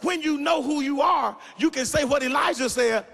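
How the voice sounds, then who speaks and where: A man preaching in a church sanctuary, his very high voice gravelly and husky as he shouts and sings out his lines. He calls on the congregation to answer him, and his voice rings through a long hall reverb. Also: normal speed. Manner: emphatic, rising into shouted sing-song cadences; calls for audience responses. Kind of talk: sermon.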